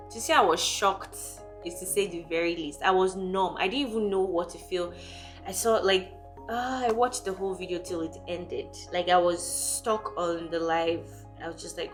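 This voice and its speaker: A young woman from Nigeria, talking candidly and emotionally in a personal vlog, quick and full of fillers. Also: medium pitch, faint music behind. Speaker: vlogger.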